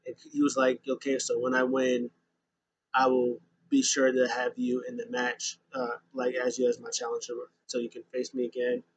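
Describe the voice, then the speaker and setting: Casual male host, mid pitch, loose and rambling, lots of ums. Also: completely flat delivery, moderate pace, slight background noise, rough recording. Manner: rambling, many fillers and restarts. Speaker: podcast host recapping wrestling. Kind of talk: casual recap.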